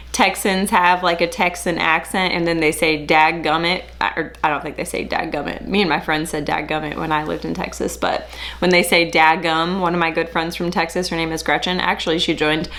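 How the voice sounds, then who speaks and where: A woman with a somewhat low voice giving reaction commentary. She talks in chatty, sarcastic asides. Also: steady tone, brisk, fairly bright tone. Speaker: host.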